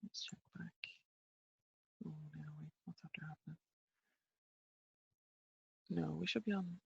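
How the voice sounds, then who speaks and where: A woman's voice: sits low, gravelly, breathy edge, dry recording, lo-fi sound. An Irish woman reading an old Irish tale aloud and breaking off for blunt, chatty asides. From Ireland. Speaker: teacher of Irish lore. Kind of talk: casual reading and commentary.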